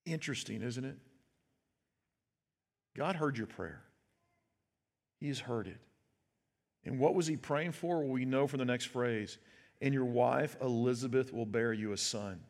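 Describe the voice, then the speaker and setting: A man's voice: mid-range voice, measured pace, pauses often, darkish tone. A pastor preaching a sermon in a conversational way, asking his listeners "right?" and acting out the quoted words. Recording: long hall reverb.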